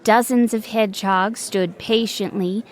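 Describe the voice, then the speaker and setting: A woman narrating a scripted children's story with a gentle, measured reading. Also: medium pitch, fairly even intonation. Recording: faint background music.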